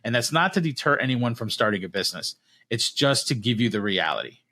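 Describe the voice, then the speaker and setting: Male podcast host, easygoing closer, middle pitch, plain conversational delivery. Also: brisk. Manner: friendly, relaxed wrap-up with fillers. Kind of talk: podcast interview.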